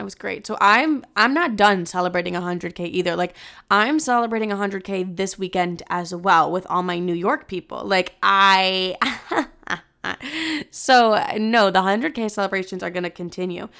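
A woman's voice: mid-range voice, normal speed, creaky, a bit bright, clear, resonant tone. A woman in her twenties from Chicago, hosting a podcast in casual chat, chatty, with lots of "like" and "literally" and easy swearing. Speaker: podcast host.

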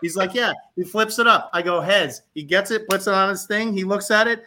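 A man in his fifties, a guest on an interview, telling stories in an animated way with frequent restarts and repeated words. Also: sits high, fast talker. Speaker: guest, physical therapist. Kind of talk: casual interview storytelling.

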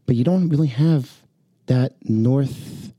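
Animated New Jersey man telling stories. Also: medium pitch, takes it slowly, slightly rough, dry recording, studio quality. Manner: animated, swears, acts out quotes. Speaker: podcast co-host. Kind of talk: casual storytelling chat.

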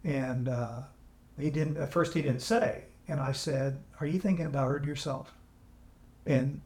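A man guest on a podcast, telling an emotional personal story in an earnest, halting way with frequent restarts. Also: mid-range voice, darkish tone. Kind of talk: candid storytelling. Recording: echoey room, AI-salvaged audio.

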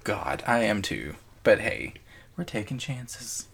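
A man chats casually as a podcast co-host, his voice sitting a little low. He stumbles through restarts and fillers and swears freely as he talks. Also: very animated, slow, creaky, a bit bright, slightly rough. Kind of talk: casual chat.

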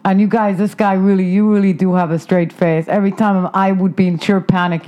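A woman's voice: medium pitch, steady tone, a little fast, few pauses, lo-fi sound. A woman co-hosting a casual podcast, asking encouraging personal questions. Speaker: podcast co-host. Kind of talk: casual chat.

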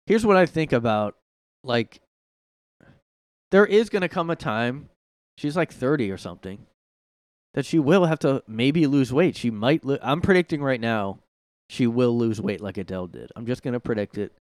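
A man's voice: mid-range voice, lively intonation, normal speed, dry recording. A man hosting a solo podcast from his room, rambling sarcastically with lots of filler words. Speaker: podcast host. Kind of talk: casual solo commentary.

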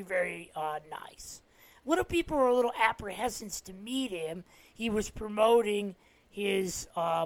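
A man's voice: high-pitched, fairly bright tone. Rambling New Jersey man hosting a podcast. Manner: rambling retelling with frequent "uh" fillers and restarts. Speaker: podcast host. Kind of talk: casual solo podcast monologue.

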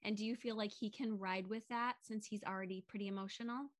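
A woman hosting a conversation, affirming her guest often and asking gentle questions. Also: mid-range voice, fairly even intonation, a little fast, no echo, clean studio sound. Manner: affirming, frequent "mm-hmm" and "yes". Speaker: host. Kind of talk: interview conversation.

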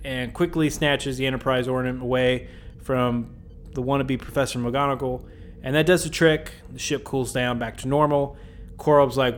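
A man's voice: medium pitch, normal speed. A man hosting a podcast, recapping an episode in a casual, joking way with rambling asides. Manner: jokey, rambling asides with chuckles. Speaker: podcast host.

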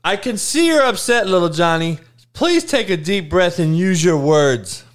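A man playing an overly gentle modern parent who talks in a soft, coaxing, patient way. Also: sits high, lively intonation, measured pace.

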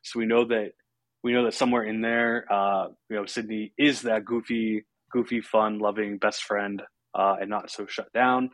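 A man's voice: lowish voice, level tone, normal speed, no echo. A man hosting a podcast, casually recapping a horror film with fillers and chuckles. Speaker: podcast host.

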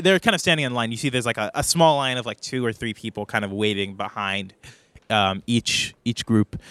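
A man running a tabletop role-playing game as game master, narrating in a hesitant way with many pauses and restarts. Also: mid-range voice, fairly bright tone, clean tone, no room sound.

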